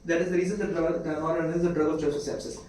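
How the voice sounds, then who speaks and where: He races along in a slightly high, slightly mellow voice with little pitch movement, an Indian-accented man giving a medical lecture and constantly quizzing students rhetorically. The room echoes, the mic is distant, and faint hiss is audible.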